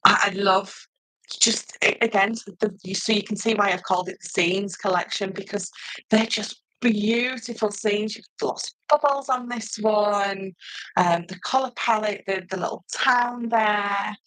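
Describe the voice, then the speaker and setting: A middle-aged woman, chatting loudly and laughing often as she presents paper crafts on a live stream. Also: mid-range voice, fairly even intonation, a little slow, dry recording, rough recording. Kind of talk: casual live stream chat.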